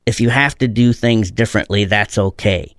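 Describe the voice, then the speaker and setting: A middle-aged man speaks in a low, smooth and resonant voice, recorded dry and close. He talks as an interview guest, earnest and reflective as he tells his stories. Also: moderate pace, no room sound. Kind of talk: conversational interview.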